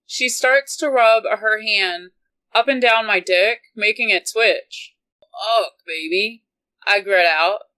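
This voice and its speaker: Woman reader, romance novel, slow and steady, bright clear voice. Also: medium pitch, rough recording. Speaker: audiobook reader. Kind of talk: reading a romance novel aloud.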